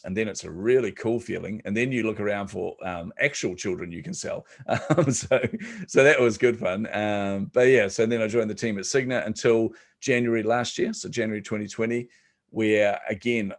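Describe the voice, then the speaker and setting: Gravelly New man telling stories. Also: lowish voice. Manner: relaxed, joking, many ums. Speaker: podcast guest, entrepreneur. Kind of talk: casual storytelling interview.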